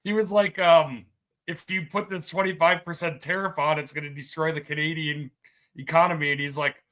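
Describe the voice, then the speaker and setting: A man in a casual online chat, retelling news in an easygoing, halting way over a video call. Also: on the high side, fairly even intonation, fairly bright tone. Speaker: podcast co-host.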